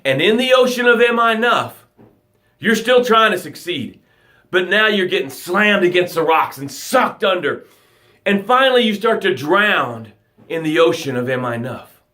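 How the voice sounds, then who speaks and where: A man giving a motivational talk to his viewers as a coach, swinging from loud urging to soft, hushed guidance. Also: high-pitched, expressive, moderate pace. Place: home livestream. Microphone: phone or webcam, live broadcast.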